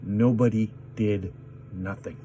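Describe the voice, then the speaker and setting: A man telling a personal story in an agitated, indignant way, with many pauses. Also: lowish voice, fairly even intonation, mellow, a little hiss or hum. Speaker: vlogger. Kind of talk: personal story told to camera.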